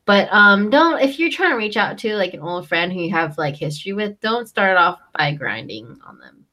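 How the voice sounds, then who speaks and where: A woman's voice: mid-range voice, sing-song, moderate pace, sharp tone. A young woman co-hosting a casual chat, recapping a show with lots of "um" and "like". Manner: chatty, lots of fillers like "um" and "like". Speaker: co-host recapping a reality show.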